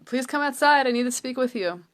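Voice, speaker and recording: A woman's voice: mid-range voice, a little fast, natural voice. A woman voicing a frightened, pleading ancient Egyptian king in a retold story. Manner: pleading, trembling, then proclaiming.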